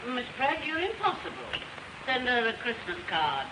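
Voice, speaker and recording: A woman's voice: on the high side, huge pitch swings, moderate pace. An actress playing a snobbish, wealthy society mother in a 1930s film, haughty and dismissive. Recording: noisy old film soundtrack.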